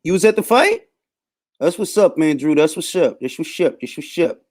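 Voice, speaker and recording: A man hosting a live boxing talk stream in casual, laid-back chat, shouting out viewers by name. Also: fairly high pitch, big pitch swings, normal speed.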